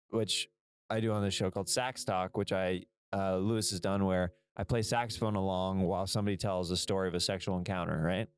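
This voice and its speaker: Man, podcast host, casual joking, stammering restarts, recorded in a car. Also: fairly low pitch. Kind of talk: casual chat on a road trip. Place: inside a moving car.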